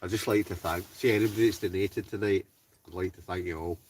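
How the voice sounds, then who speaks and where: A man's voice: sits low, steady tone, quick pace, recorded from a distance, a little hiss or hum. A man with a Scottish accent from Ayrshire, casually chatting and laughing as he reads out viewer names on a livestream from his heated tent. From Scotland. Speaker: wild camping livestreamer reading chat. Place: inside a heated tent in the snow.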